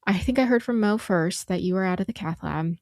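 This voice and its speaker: A woman's voice: medium pitch, brisk, darkish tone, dry recording, clean studio sound. A middle-aged woman co-hosting a podcast, telling an emotional family story with lots of quoted dialogue. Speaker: podcast co-host. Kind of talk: conversational storytelling.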